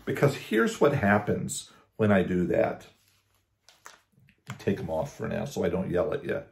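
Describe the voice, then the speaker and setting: A man giving a casual devotional talk as a pastor, conversational, with restarts and slow emphasis on scripture. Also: low-pitched, big pitch swings, gravelly, reverberant.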